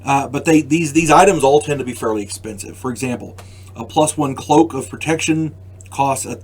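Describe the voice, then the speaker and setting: An older man hosting his own channel, explaining a game rule to camera in a casual, halting way, often repeating words and adding wry asides. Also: medium pitch, slightly rough. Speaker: channel host.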